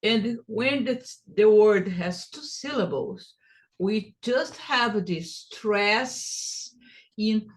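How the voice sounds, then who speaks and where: A woman teaching English pronunciation, repeating phrases to show stress and rhythm. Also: medium pitch. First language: Portuguese. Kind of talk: pronunciation lesson.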